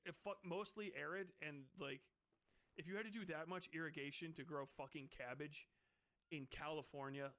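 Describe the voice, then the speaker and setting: A man's voice: on the high side, fairly bright tone. Rambling, swearing male streamer. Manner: rambling, swearing, ranting, laughing asides. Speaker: streamer reading a book aloud. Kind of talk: casual profane commentary on a book.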